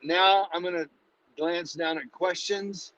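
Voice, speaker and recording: A man hosting a live-streamed Bible study, teaching in a casual, energetic, preachy way and calling listeners "dude". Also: high voice, takes it slowly. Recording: dull lo-fi live stream audio.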